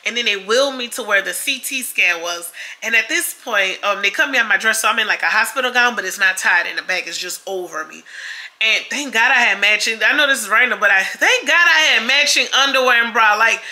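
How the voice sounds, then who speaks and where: A young woman tells her viewers a personal story in a relaxed vlog. Her voice is very bright and a bit high. She is animated and keeps acting out the other people's lines. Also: brisk. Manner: animated, acts out quoted voices, addresses viewers as y'all. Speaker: vlogger.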